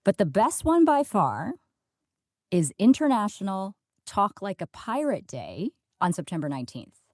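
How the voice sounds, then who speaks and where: A woman co-hosting a medical podcast, playful and quick to laugh as she chats with her co-host. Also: medium pitch, big pitch swings, no room sound. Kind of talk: scripted podcast intro and banter.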